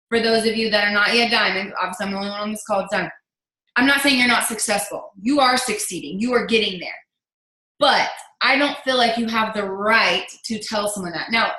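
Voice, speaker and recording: A woman's voice: mid-range voice, brisk, bright, forceful tone, reverberant, low-quality recording. A woman in her thirties, a team leader giving an emphatic, preachy motivational talk on a video call.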